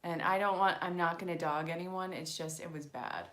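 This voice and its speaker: A woman with a fairly low voice runs a casual live stream as an angel card reader. She talks in an excited, chatty way, turns often to her viewers, and laughs easily. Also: moderate pace.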